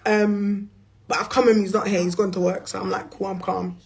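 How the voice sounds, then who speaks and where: A woman's voice: mid-range voice, fairly quick, gravelly. A young woman with a London accent telling a story on a livestream in a blunt, profane, slangy way. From England. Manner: blunt and profane, slangy, animated with bursts of laughter. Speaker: influencer on a livestream.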